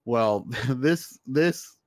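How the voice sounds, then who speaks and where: A man chats casually as a podcast co-host, eager and a bit rambling as he tells a story. His voice sits at an ordinary middle pitch. The sound is dry, with no room echo at all. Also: animated, drawn-out words. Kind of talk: casual chat.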